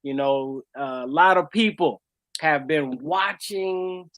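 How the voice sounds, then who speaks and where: A laid-back American man co-hosting a podcast, riffing in a joking, easygoing way. His voice sits a bit high for a man. The sound is dry and close, with no room around it. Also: slow, fairly bright tone, no room sound. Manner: laid-back, joking, lots of "you know what I'm saying". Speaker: podcast co-host. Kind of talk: casual chat.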